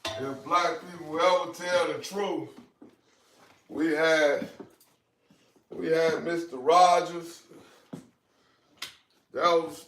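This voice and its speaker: A man's voice: on the high side, fairly bright tone. A man hosting a livestream, teasing and scolding a dog in sing-song repeats, then chatting casually. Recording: echoey room, distant mic, faint noise.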